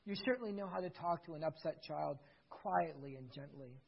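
A gentle, approving mother, voiced by a man. The voice is husky, and the recording is dull and lo-fi. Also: on the high side, normal speed. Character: kind impressed mother, gently speaking.

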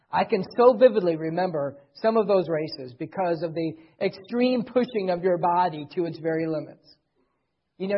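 A middle-aged man preaching a sermon as pastor, earnestly, swelling loud and then dropping soft. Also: sits high, breathy edge. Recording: dull lo-fi recording.

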